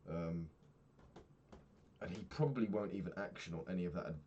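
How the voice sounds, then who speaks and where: A man's voice: deep voice, normal speed, warm tone, highs cut off, slight background noise. A young man talking through his day in a candid, rambling diary vlog, swearing freely. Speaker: vlogger.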